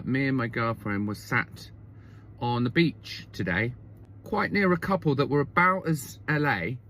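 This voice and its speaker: A man's voice: mid-range voice, fairly bright tone. A man telling a comic story in a wry monologue, often checking in with "okay?" and "right?".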